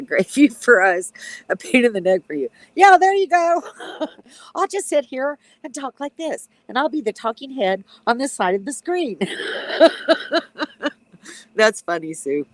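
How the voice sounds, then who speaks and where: A woman in her sixties, a retired nurse, chatting casually on a live stream from her backyard, with a stuffy, runny nose, clearing her throat and chuckling. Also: lowish voice, a bit bright, no room sound, poor audio. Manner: chatty, reads out comments, frequent ums and chuckles.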